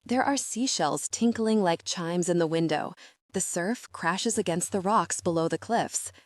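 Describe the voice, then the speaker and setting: Female audiobook narrator, low voice, dry close sound, steady first-person read. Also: a little slow, no echo.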